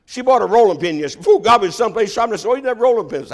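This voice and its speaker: A man's voice: high-pitched, sing-song, fast. An older man preaching a sermon as pastor, folksy and joking.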